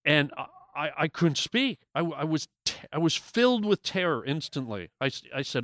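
A man's voice: a little high, lively intonation, brisk, few pauses, a bit bright, dry recording, clean studio sound. A man, a guest comedian, telling a story in casual talk, with lots of restarts and acted-out quotes.

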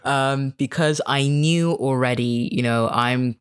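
A woman from Kenya whose accent leans British with a slight American twang, guesting on a podcast. She speaks reflectively and at an even pace, with frequent fillers and easy laughs. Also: extremely low pitch, slow pace, smooth. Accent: mostly British with slight American twang. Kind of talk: casual podcast interview.

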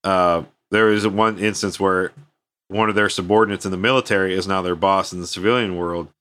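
A man's voice: deep voice, steady tone, a little fast, fairly bright tone. A man in easygoing casual chat on a podcast, often chiming in with short replies.

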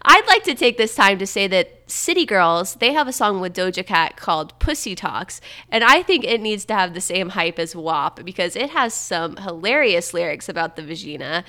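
A woman's voice: medium pitch, big pitch swings, normal speed, few pauses, sharp tone. A young woman hosting a podcast, chatting playfully and reading quotes aloud. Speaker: podcast host. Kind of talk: casual chat.

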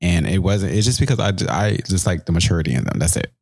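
A man's voice: sits low, lively intonation, quick pace, vocal fry, a little mellow, no room sound. A man in a casual chat who makes short, dry remarks.

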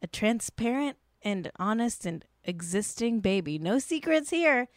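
A woman's voice: fairly high pitch, very animated, a little slow, dry recording, clean studio sound. A young adult woman casually hosting a celebrity news stream, chatty and sarcastic, with asides and laughs. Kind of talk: casual chat reading news.

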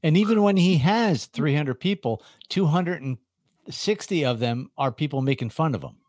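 A man's voice: a little high, expressive, normal speed, a little mellow, no echo. Easygoing man chiming in on a podcast. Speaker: podcast co-host. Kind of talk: casual comedy chat.

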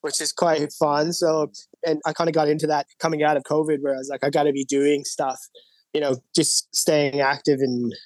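A man's voice: on the high side, flat delivery, a little fast. A man, a guest musician, chatting casually on a podcast, rambling and full of "like" and "you know". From Canada.

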